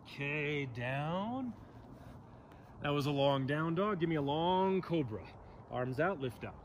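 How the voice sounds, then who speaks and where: A man's voice: fairly high pitch, expressive, slow, slight background noise. Joking male yoga instructor outdoors. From Southern California. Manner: joking asides between pose cues. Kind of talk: guided yoga class.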